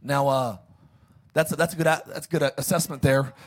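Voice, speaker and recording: A pastor preaching a sermon, joking and calling on the congregation to repeat phrases after him. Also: male voice, fairly high pitch, fairly even intonation, a little fast. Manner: jokey, calls for congregation responses.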